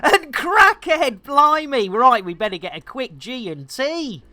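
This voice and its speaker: A woman's voice: high-pitched, sing-song, unhurried, pushed and bright, no echo. A woman chatting playfully and giggling with viewers on a live game stream, speaking into a headset.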